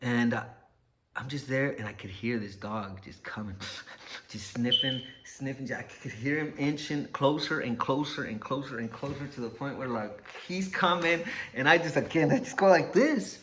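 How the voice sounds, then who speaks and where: A man's voice: medium pitch, moderate pace, fairly bright tone, slight background noise. A man telling a personal story casually, cursing often and acting out what people said. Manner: profane, laid-back, acts out quotes.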